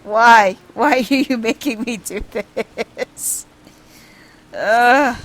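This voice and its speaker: A woman's voice: on the high side, takes it slowly, a bit bright. A woman giving casual, wry commentary while playing a video game, amused by what happens. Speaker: gamer. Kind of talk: casual let's-play commentary.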